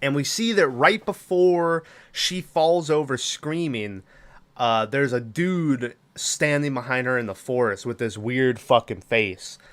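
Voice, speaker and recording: A man at medium pitch, fairly bright in tone and unhurried, hosts a podcast where he recaps a film in a casual review. He rambles through the plot loosely, profanely, with lots of fillers.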